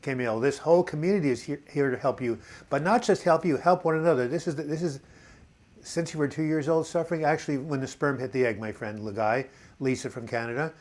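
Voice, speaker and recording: A man's voice: fairly high pitch, quick pace, a little mellow. A man hosting a casual live video chat, reading out viewers' comments and answering them in a rambling, encouraging way. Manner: chatty and rambling, reads viewer comments aloud; encouraging, addresses viewers as boys and girls.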